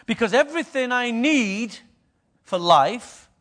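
High-voiced pastor preaching. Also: male voice, animated, slow pace, fairly bright tone. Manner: conversational preaching, asks the congregation questions. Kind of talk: sermon.

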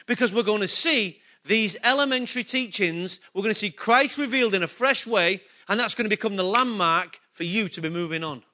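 Male preacher, high and bright, casual sermon delivery full of questions. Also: fairly quick, hardly any pauses. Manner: conversational, asks the congregation questions. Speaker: pastor.

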